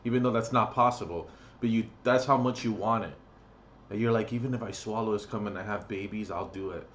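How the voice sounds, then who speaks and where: A man's voice: fairly low pitch, fairly quick, a bit bright, slight background noise. A man ranting on his vlog, crude and profane, blunt and mocking. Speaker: vlogger.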